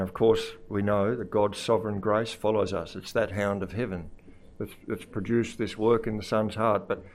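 A man preaching a sermon, moving between hushed, low passages and raised, fervent emphasis, often repeating words as he goes. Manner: repeats words while searching for the next phrase.

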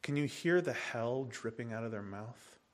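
A man preaching an expository sermon, animated, acting out the voices of the people in the text. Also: medium pitch, moderate pace. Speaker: pastor.

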